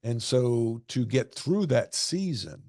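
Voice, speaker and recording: A man's voice: medium pitch, sing-song, slow, darkish tone, no echo, clean studio sound. A man in his sixties, a former basketball coach, answering interview questions with earnest anecdotes and repeating phrases for emphasis. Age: 60s.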